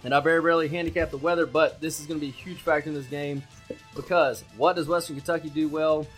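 A man co-hosting a sports betting podcast, talking loudly and brashly with lots of swearing and hype. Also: on the high side, fairly even intonation, quick pace, soft background music. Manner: loud, brash, profane and hyped. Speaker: podcast co-host.

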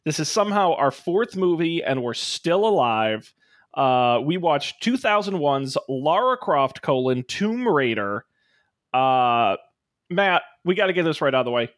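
Guy hosting a podcast, voice bounces all over, kinda high, joking around. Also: measured pace. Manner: lively, playful teasing intros. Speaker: podcast co-host. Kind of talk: casual podcast chat.

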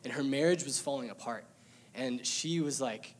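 A man's voice: mid-range voice, normal speed. Young man giving an earnest testimony. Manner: earnest, emotional storytelling with light laughter. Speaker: church member sharing testimony. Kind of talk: personal testimony to a congregation.

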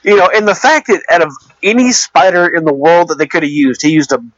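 A man's voice: a little high, fairly quick, dry recording. A man casually talking about a movie, rambling and hesitant, with many restarts and fillers. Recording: dull lo-fi dry recording.

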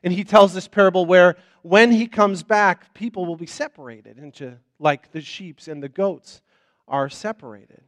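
A man's voice: high voice, moderate pace, fairly bright tone, dry recording. A man preaching as a pastor in an informal, conversational sermon. He often repeats words, restarts his sentences and checks in with "right?".

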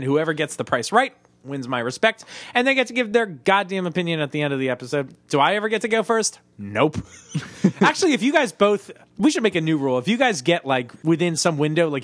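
A man's voice: on the high side, fairly bright tone, no room sound. A man hosting a casual podcast, joking, laughing often and tripping over his own words. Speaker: podcast host.

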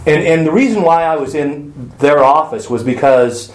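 Laid-back guy hosting a podcast, frank, laughs a lot, lively voice, echoey room. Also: fairly high pitch, moderate pace. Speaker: podcast host. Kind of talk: casual storytelling chat. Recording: roomy echo.

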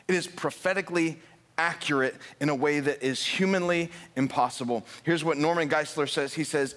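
A man preaching a sermon as pastor, energetic, building to fired-up emphasis and asking the congregation questions. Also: a little high. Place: church sanctuary.

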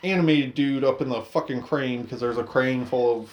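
A man casually retelling a film's plot with lots of swearing and quick acted-out quotes. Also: mid-range voice, slight background noise. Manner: profane, laid-back retelling with acted-out quotes. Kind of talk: casual movie recap chat.

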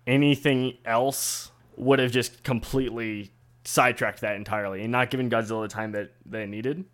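A man co-hosting a casual podcast, with a plain, mid-pitched voice. He lays out his opinions in a measured, thoughtful way, with a few hesitations along the way. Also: fairly even intonation, a bit bright. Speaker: podcast co-host. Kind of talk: casual chat.

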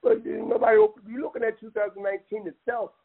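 A man's voice: very high voice, big pitch swings, fast, gravelly, husky. A man talking with passion, rambling and emphatic, often calling the listener "man". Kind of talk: impassioned casual talk. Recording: tinny phone-line audio.

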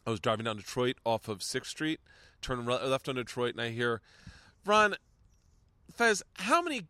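A man's voice: mid-range voice, brisk. Guy hosting a podcast, casual story mode, doing voices, cussing, dry no-echo sound. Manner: animated, acts out voices in anecdotes, swears freely. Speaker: podcast host. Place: outdoors.

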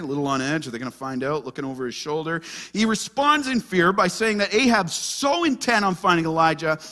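A man's voice: on the high side, sharp tone. A man preaching a sermon as pastor, animatedly acting out the anxious voices of scripture figures. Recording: long hall reverb.

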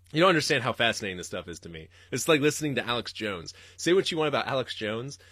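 A man's voice: mid-range voice, lively intonation, brisk, pauses often, sharp tone, no room sound, clean studio sound. A young man hosting a podcast, ranting and rambling solo with lots of swearing and laughter. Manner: rambling, profane, laughing ranter. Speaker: podcast host.

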